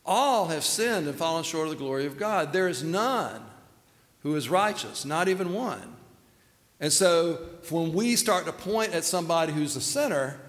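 A man's voice: high-pitched, a bit bright, big-room sound. A man preaching a sermon in a folksy, storytelling manner, acting out the quotes. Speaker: pastor.

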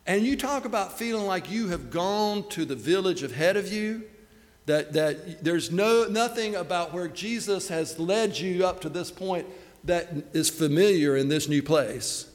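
A man's voice: high-pitched, measured pace. A middle-aged man telling a self-deprecating story in a sermon. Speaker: pastor. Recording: long hall reverb.

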